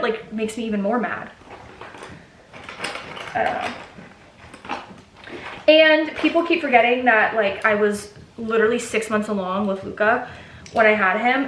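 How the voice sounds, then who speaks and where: Young female vlogger, pregnant, rambling chatty delivery, slightly high voice, roomy echo. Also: a bit bright, a little hiss or hum. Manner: chatty, rambling with many fillers and restarts. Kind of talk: casual get-ready-with-me vlog. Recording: echoey room.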